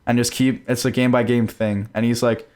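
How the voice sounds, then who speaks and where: A young man co-hosting a podcast, talking fast and animated in casual sports chat, with a slight case of hiccups. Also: mid-range voice, clean tone. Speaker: podcast co-host.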